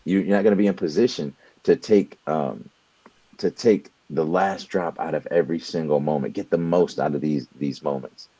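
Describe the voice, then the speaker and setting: Deep earnest man, dull dry sound. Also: normal speed, warm tone, slightly rough, no room sound. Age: young adult. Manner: earnest, repeats words while building a point. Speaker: podcast co-host. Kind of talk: motivational talk.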